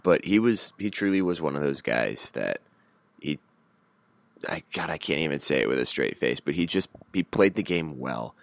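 A man co-hosting a casual sports podcast, talking in a blunt, wry way that builds into animated rants. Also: a bass voice, normal speed, no room sound. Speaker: podcast co-host.

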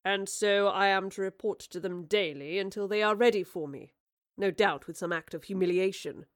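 A woman's voice: medium pitch, normal speed, dry recording, studio quality, lightly acted. A woman reading the part of a charming, roguish male poet and spy in an audiobook, with a wry, theatrical manner.

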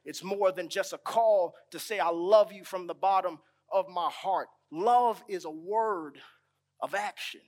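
Slow, deliberate preaching man. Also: sits high, darkish tone. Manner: slow, dramatic pauses, stretched key words; rising emphasis on repeated phrases. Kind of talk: sermon.

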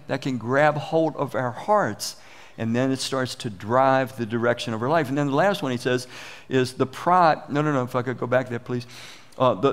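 A man preaching a sermon as pastor, earnest and conversational, often restarting his phrases. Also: fairly high pitch.

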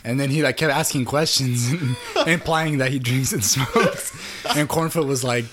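A young man co-hosting a podcast, telling high school stories in casual chat, laughing often and swearing freely. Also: moderate pace, fairly bright tone, slight background noise. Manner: laughing storyteller, heavy swearing. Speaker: podcast co-host.

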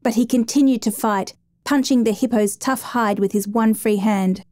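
Mellow-voiced woman narrating a true story. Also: fairly high pitch, dry recording. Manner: steady, measured storytelling with shouted quotes.

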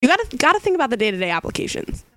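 A young woman from Delaware co-hosting a podcast, asking the questions and teasing her friend in a casual chat, quick to laugh. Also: high voice, very animated, bright, forceful tone, no echo. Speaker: podcast co-host.

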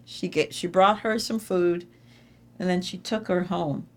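A middle-aged woman giving an inspirational faith talk to a live audience, telling stories with animated, emphatic repetition. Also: on the low side, unhurried. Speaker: speaker addressing an audience.

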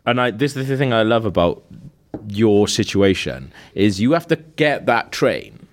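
An animated man trading jokes on a comedy podcast. His pitch swings widely, and he keeps breaking off into quick, joking asides. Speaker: podcast co-host. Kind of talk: casual comedy podcast banter.

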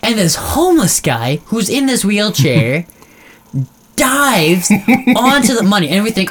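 A man's voice: sits high, sing-song, a little slow, fairly bright tone, slight background noise. A young man from Canada co-hosting a podcast, chatting casually with dry jokey asides. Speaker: podcast co-host. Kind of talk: casual chat.

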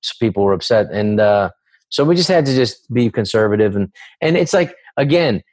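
In a dry recording, a man who works as a comedian and actor chats as an interview guest, his fairly low, slightly mellow voice brisk and lively in intonation. His casual talk rambles, restarts often, and includes acted-out voices.

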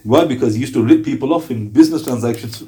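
A man's voice: medium pitch, quick pace. A man giving a religious lesson, telling stories with acted quotes and chuckles. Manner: lively storytelling with acted quotes and laughs. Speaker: Islamic teacher.

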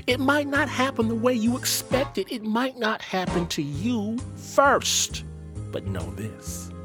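A man's voice: very high voice, very animated, unhurried, music in the background. A man hosting a radio show, delivering scripted links in a theatrical, dramatic way.

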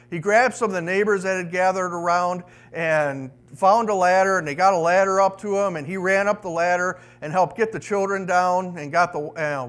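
A man's voice: high voice, a bit bright. A man preaching a sermon as a pastor. He tells a story in a conversational way and asks the audience questions.

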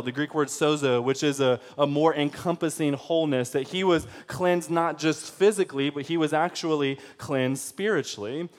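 A man preaching a sermon with a slightly high voice. He keeps it casual and lively, putting questions to his listeners and checking that they follow. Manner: conversational and lively, asks the congregation questions. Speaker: pastor.

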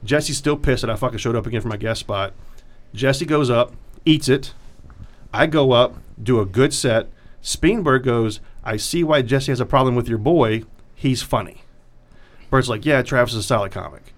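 A man, a comedian, telling a long story in casual chat, profane and animated as he acts out what others said. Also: medium pitch, normal speed.

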